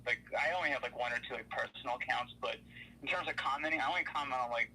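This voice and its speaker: A man's voice: mid-range voice, very fast, sharp tone, a little hiss or hum, rough recording. A man calling into a live stream for a casual chat, rambling with many fillers. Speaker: guest on a call.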